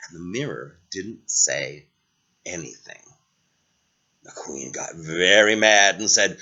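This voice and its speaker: A man, a preschool teacher, telling a fairy tale to young children in an expressive storytelling manner. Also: lowish voice, moderate pace, lo-fi sound. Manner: animated and expressive.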